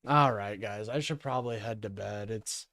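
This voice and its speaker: A man streaming live, reacting to a political clip with profane, sarcastic rants that drop into low mumbling. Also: normal speed, fairly bright tone, no echo, studio quality.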